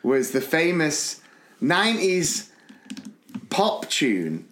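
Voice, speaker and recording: A man, one of the podcast's hosts, telling a school story in a lively, animated way and acting out the people in it. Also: fairly high pitch, drawn-out words, echoey room, a little hiss or hum. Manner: animated, acts out the people in his stories. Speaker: podcast co-host. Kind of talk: casual storytelling chat.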